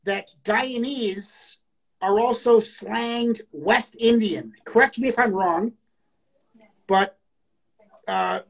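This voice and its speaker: A man's voice: high-pitched, takes it slowly, vocal fry, long pauses, poor audio. A man in his late thirties co-hosting a poetry show in casual chat, rambling with stammered restarts and plenty of swearing. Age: late 30s.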